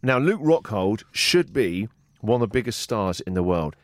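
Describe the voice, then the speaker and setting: A man with kids, co-hosting a podcast, talking in an animated, jokey way. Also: lowish voice, normal speed, no room sound, clean studio sound. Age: adult, has kids and a wife. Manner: animated, jokey, acts out quotes. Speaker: podcast co-host. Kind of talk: casual sports chat.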